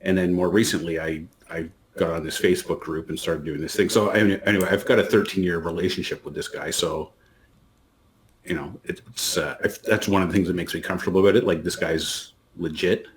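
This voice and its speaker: A man's voice: low voice, steady tone, a little fast, a little hiss or hum. A man co-hosting a podcast, chatting casually and rambling through a story with lots of restarts. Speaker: podcast co-host. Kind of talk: casual chat.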